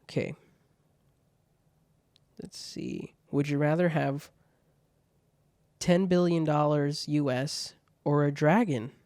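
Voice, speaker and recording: Chill guy going through bad jokes, swears a lot, dry close mic, kinda high voice. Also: steady tone, slow pace, long pauses, a little mellow, no room sound. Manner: laid-back, swears freely, laughs at bad jokes. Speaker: podcast host reading viewer questions. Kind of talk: casual solo chat.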